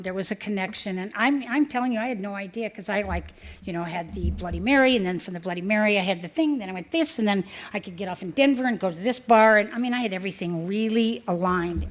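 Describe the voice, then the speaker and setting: Woman, recovery meeting speaker, rambling personal story, lots of fillers, acts out quotes. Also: medium pitch.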